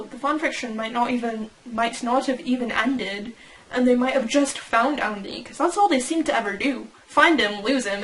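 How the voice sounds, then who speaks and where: A young woman with a fairly high voice hosts a fan channel, reading and reacting in a casual, rambling way. She giggles and pauses to correct herself, and the audio is poor.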